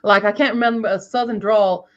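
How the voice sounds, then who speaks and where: A woman's voice: mid-range voice, fairly even intonation, fairly quick, a bit bright, muffled recording. A woman co-hosting a casual writing-sprint stream, chatting and musing aloud with frequent laughs. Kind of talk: casual group chat on a livestream.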